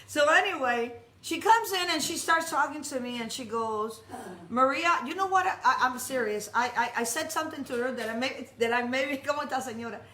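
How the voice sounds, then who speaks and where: Female preacher with a high voice, animated and humorous storyteller, echoey worship hall. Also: brisk, a little hiss or hum. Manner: animated, jokey storyteller with many restarts. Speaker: speaker at a congregation. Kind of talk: storytelling sermon.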